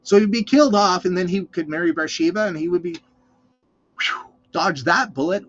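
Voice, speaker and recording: Male host, slightly high voice, swears constantly, animated rant delivery, muffled lo-fi audio. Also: brisk, slightly rough. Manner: ranting, swearing, animated storytelling. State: cold. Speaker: show host. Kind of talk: casual profane monologue. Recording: slightly muffled dull recording.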